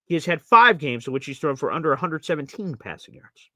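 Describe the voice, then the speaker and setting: Animated, lively-pitched sports host. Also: male voice, a little fast, no room sound, clean studio sound. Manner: animated, blunt, opinionated, swings between excited and mutter. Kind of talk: live sports reaction talk show.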